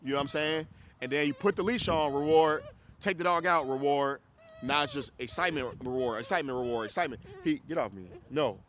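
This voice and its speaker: A man's voice: on the high side, fast talker, fairly bright tone, slight background noise. A man with a Chicago accent teaching a dog training group class, talking casually and bluntly, swearing and checking that people follow him.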